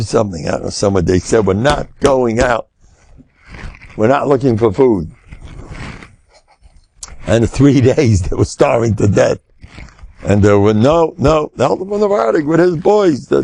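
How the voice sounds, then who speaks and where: Gravelly older American rabbi, lively lecture. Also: male voice. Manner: lively storytelling, sudden high exclamations, Yiddish and Hebrew words. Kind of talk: Torah lecture on faith.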